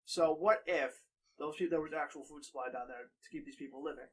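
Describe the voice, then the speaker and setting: A man's voice: fairly high pitch, quick pace, fairly bright tone, slight background noise. A man on a casual podcast, speculating and piecing a theory together with restarts. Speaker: podcast co-host.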